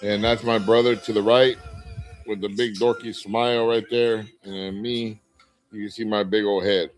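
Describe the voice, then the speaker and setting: A man's voice: on the low side, level tone, moderate pace, faint music behind, rough recording. A middle-aged man hosting a casual livestream, reading viewer comments aloud and talking candidly, rambling with fillers and restarts. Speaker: livestream host.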